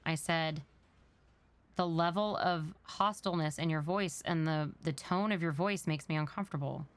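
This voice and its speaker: In a role-play scene, a woman speaks in character with a low, smooth, clean voice at a moderate pace. She's earnest and describes her feelings at length.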